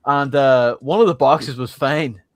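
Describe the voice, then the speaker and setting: A man's voice: medium pitch, measured pace. A man co-hosting a casual podcast who talks in a laid-back way and often says "aye". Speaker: podcast co-host. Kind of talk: casual banter.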